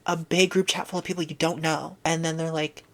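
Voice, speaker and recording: Woman vlogger, casual rant, lowish voice, exasperated, swears a lot. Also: a little fast. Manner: exasperated, animated, swears freely. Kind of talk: casual ranting monologue.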